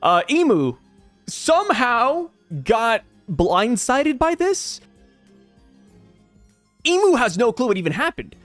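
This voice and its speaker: High, animated man breaking down a comic. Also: slow pace, pauses often, no room sound, faint music behind. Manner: animated, jokey, thinks aloud. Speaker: manga review channel host. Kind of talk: casual commentary video.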